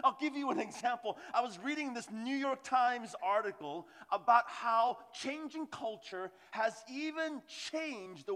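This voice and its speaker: A male pastor preaching a sermon in an earnest, conversational way, dropping to soft hushed asides, in a church with a long hall reverb. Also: high voice.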